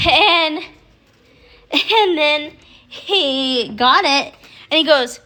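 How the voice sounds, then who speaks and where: A young woman talks to her phone on a livestream from home, rambling from one story to the next. Her voice is bright and a bit high. She swears freely and laughs often. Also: expressive, takes it slowly, pauses often. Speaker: livestream host. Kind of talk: casual chat.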